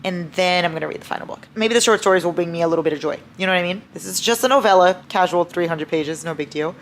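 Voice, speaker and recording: A young woman vlogging at home about her reading, gushing, excitable and swearing a lot. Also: lowish voice, fast, a little hiss or hum. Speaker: book vlogger. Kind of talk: casual reading vlog.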